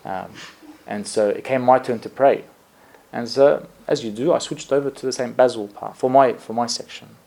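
A priest giving a conversational sermon, telling stories in a relaxed way with lots of fillers and self-corrections, often laughing at himself. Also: male voice, mid-range voice, moderate pace, creaky.

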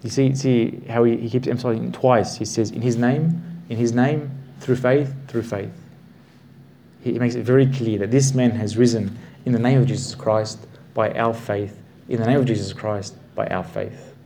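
A man teaching a Bible class, explaining the passage with slow, emphatic stresses and repeated words. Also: medium pitch, fairly even intonation, creaky, warm tone, a little hiss or hum.

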